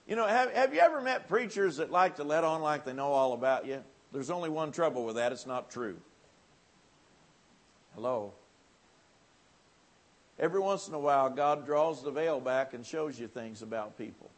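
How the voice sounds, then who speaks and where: A man preaching a folksy revival sermon in a church, swinging from quiet asides to loud, lifted appeals. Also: mid-range voice, expressive, moderate pace.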